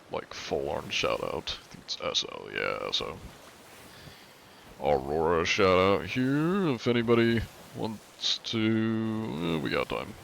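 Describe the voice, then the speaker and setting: A male streamer chatting casually while playing, rambling and padding his sentences with filler. His voice sits on the low side, with faint noise underneath. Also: vocal fry, fairly bright tone. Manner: rambling, many filler likes. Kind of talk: casual live-stream commentary.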